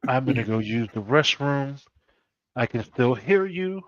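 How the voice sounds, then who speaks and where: A man's voice: mid-range voice, animated, normal speed, no echo, muffled recording. A man co-hosting a casual live-stream chat, joking and teasing with an easy laugh. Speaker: co-host.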